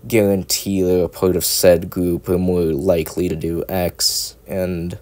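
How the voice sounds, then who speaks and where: A man's voice: deep voice, level tone, a little slow, darkish tone. A young man chatting casually at home into a cheap microphone, rambling, swearing and making self-mocking jokes. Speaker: ASMR content creator.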